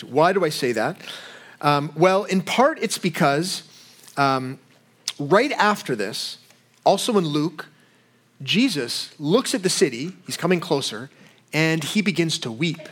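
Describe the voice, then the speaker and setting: A man's voice: fairly high pitch, lively intonation, a little slow, a bit bright. A man preaching a sermon in a conversational way, often asking rhetorical questions. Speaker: pastor.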